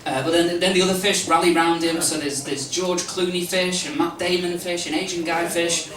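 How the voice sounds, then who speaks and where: A man doing a stand-up comedy routine on a club stage, rambling and hesitant, with lots of stammered restarts and deadpan asides. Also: high-pitched, moderate pace. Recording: roomy live club recording from a distance, noisy.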